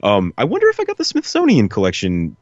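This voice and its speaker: A man's voice: medium pitch, huge pitch swings, fast, a little mellow, no room sound. A man co-hosting a podcast, chatting casually and rambling with enthusiasm, full of fillers like "like" and "you know.". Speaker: podcast co-host. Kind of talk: casual chat. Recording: dull lo-fi podcast audio.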